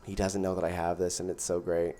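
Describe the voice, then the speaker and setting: A man's voice: sits low, flat delivery, fairly quick, dark tone, a little hiss or hum. A man giving casual gameplay commentary as host, thinking aloud and counting out his mana as he plays. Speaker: gaming channel host.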